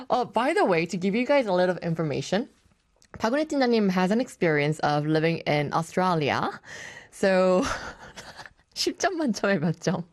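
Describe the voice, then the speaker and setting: A woman's voice: fairly low pitch, big pitch swings, very fast, no room sound. A woman hosting a radio game segment, playful and laughing often, switching between languages in a studio. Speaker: radio show host.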